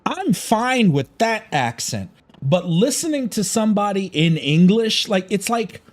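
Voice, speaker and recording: A man's voice: high voice, big pitch swings, a little slow. A man from Chicago chatting casually on a gaming livestream, rambling, opinionated and swearing freely. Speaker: gaming streamer.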